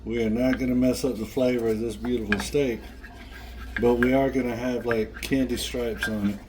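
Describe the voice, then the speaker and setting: An excitable, folksy man hosts a home cooking video and talks right to his viewers. His mid-pitched voice rings around an echoey kitchen. The faint clatter of pots and dishes sits behind him. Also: normal speed, background noise. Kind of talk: casual cooking demo and taste test.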